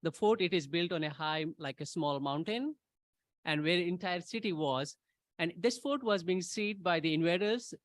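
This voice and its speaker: Earnest man, slightly high voice. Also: moderate pace, no echo. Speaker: guest. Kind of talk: casual storytelling.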